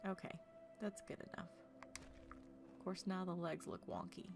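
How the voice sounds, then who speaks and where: A woman's voice: on the low side, fairly even intonation, moderate pace, creaky, faint music behind. A woman from Oklahoma streaming a game, chatting casually with her viewers, laughing often and talking earnestly about her feelings. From Tulsa, Oklahoma.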